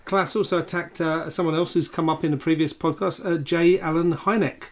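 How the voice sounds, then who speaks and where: A man co-hosting a podcast, calmly recounting facts in casual chat. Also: on the high side, brisk. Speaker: podcast co-host.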